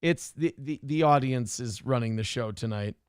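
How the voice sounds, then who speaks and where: A man's voice: mid-range voice, moderate pace, smooth, dry recording, clean studio sound. A man hosting a live show, reading out viewer donations in a casual, exasperated way, laughing and swearing as he goes. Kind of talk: casual live-stream talk.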